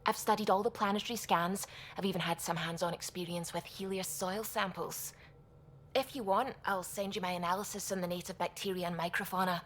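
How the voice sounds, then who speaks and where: A woman's voice: lowish voice, fairly even intonation, brisk, fairly bright tone, a little hiss or hum, natural voice. An actress with a West Coast Scottish accent playing an eager, chatty female scientist. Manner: enthusiastic, rambling.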